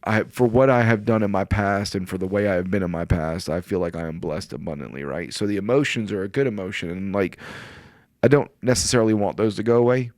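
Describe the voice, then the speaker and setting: Podcast guest, man in his forties, low voice, dry studio sound, earnest and rambling. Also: fast talker, darkish tone, no echo. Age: 40s. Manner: earnest, rambling, often quotes himself. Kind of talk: casual conversation.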